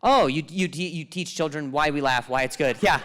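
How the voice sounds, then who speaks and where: A man's voice: on the high side, very animated, moderate pace, fairly bright tone, rough recording. A man doing stand-up crowd work on a club stage, riffing playfully with mock exasperation and stammered restarts. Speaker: stand-up comedian. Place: comedy club stage with live audience.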